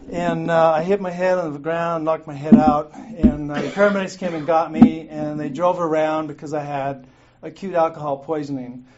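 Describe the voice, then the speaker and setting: A man's voice: fairly high pitch, steady tone, normal speed, a little mellow. A middle-aged man telling his own recovery story to a meeting, candid and profane, often laughing at himself. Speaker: guest speaker at a recovery meeting. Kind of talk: personal recovery story told to a group. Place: meeting room. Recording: muffled lo-fi recording with clear noise.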